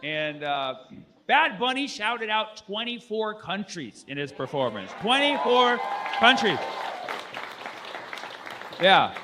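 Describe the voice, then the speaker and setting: A man performing a stand-up set, rambling loosely and acting out other people with loud shouted bursts. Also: high-pitched, very animated, slow pace, long pauses, a crowd in the background, noisy background. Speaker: stand-up comedian. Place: comedy stage.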